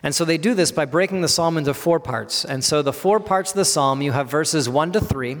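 A man in his thirties preaches an earnest teaching sermon, his voice sitting a little high for a man. He breaks the text into parts and gives the quoted speakers a voice of their own. A long reverb trails behind him, as in a large hall. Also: brisk.

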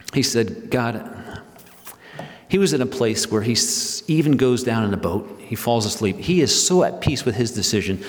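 A man preaches a sermon with a voice of ordinary middle pitch. He leans into emphatic stresses, slowing on key words and then pushing forward. His voice rings out with long reverb, as in a large church hall. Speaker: pastor.

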